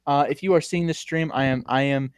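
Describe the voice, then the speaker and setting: A man's voice: a little high, fairly even intonation, fairly quick, clear, resonant tone. A man guesting on a live stream talks in a dry, close sound with no room echo. He stutters and repeats his words, laughs often and launches into crude rants. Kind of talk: casual live stream chat.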